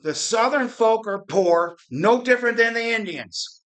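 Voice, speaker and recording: High bright ranting man. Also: lively intonation, moderate pace. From Arizona. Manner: ranting, profane, rambling with restarts. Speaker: podcast host. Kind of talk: fired-up political rant.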